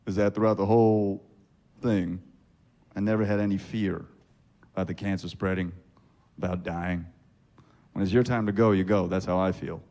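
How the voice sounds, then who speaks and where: A man doing stand-up on a club stage, telling self-mocking stories in a deadpan way. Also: sits low, moderate pace, long pauses. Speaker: stand-up comedian. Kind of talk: stand-up comedy.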